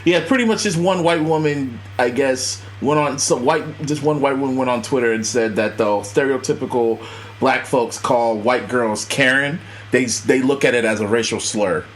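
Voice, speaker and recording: A man's voice: mid-range voice, normal speed. A man co-hosting a podcast in casual chat, swearing, laughing and acting out quoted voices. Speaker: podcast co-host.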